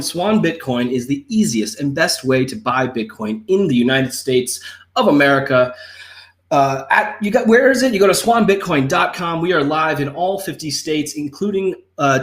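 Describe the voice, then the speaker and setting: Young male host, a bit high-pitched, goofy and rambling, desk mic. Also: a bit bright. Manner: jokey, rambling, self-mocking. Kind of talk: playful live-stream show hosting. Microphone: desktop microphone.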